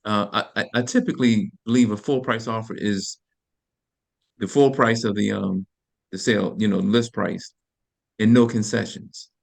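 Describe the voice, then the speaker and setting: A man's voice: lowish voice, steady tone, normal speed, creaky. A man, an agent asking a question on a video call, speaking hesitantly with many fillers and restarts.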